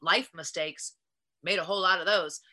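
A woman's voice: lowish voice, moderate pace. A middle-aged woman in a casual interview, telling stories animatedly, leaning on "like" and acting out what she said back then. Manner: animated, frequent "like", acts out her past self. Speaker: wrestler and guest.

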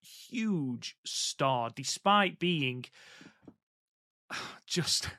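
A man co-hosting a wrestling podcast, giving enthusiastic, measured commentary with frequent ums. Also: on the high side, lively intonation, pushed and bright, dry recording, studio quality. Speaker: podcast co-host. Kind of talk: casual podcast chat.

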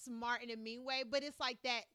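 A woman in her thirties co-hosting a casual podcast chat, animated and laughing often. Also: a little high, brisk, clean tone, no room sound. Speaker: podcast co-host.

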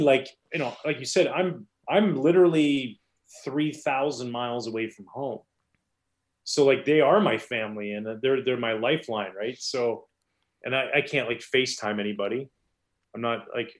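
In a laid-back interview, a man who once pitched professionally shares his stories. His delivery is lively and meandering, full of restarts.

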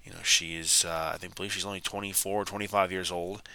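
A man's voice: low-pitched, flat delivery, quick pace, vocal fry, pushed and bright. A man hosting a podcast, retelling a wrestling segment in a rambling, exasperated way with frequent restarts. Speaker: podcast host. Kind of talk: casual wrestling recap.

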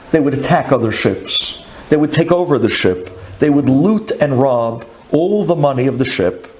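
A man's voice: a little high, darkish tone, slight background noise, natural voice. A man voicing a humble male butcher who earnestly recounts an old memory to a rabbi. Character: humble middle-aged male butcher, confiding.

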